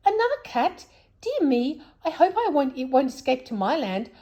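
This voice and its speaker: A woman voicing an anxious, hard-of-hearing old Saucepan Man from a children's story, with shrill squealing cries. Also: sing-song, moderate pace, warm tone, highs cut off. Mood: worried.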